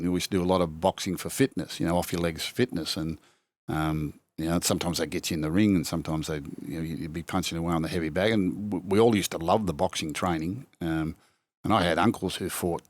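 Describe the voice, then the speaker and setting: A man's voice: deep voice, a little fast, no echo. An older man with an Australian accent, a former rugby league coach telling stories in casual chat, acting out quotes with many restarts. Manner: yarn-spinning, acts out quotes, frequent restarts.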